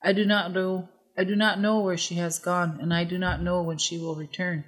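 A narrator voicing a quiet, polite young woman who firmly refuses a trade, in a storybook reading. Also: mid-range voice, flat delivery, moderate pace, lightly acted.

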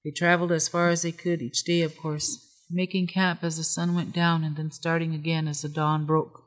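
A storyteller calmly reading a folk tale aloud at a measured pace. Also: medium pitch. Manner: calm, measured. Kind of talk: scripted story narration.

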